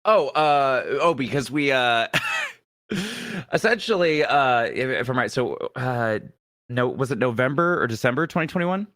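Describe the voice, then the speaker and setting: A young adult man, a comedian guest, telling stories in a casual interview, lively and quick to laugh. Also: medium pitch, dry recording, clean studio sound. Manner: animated, laughs often, acts out quoted people.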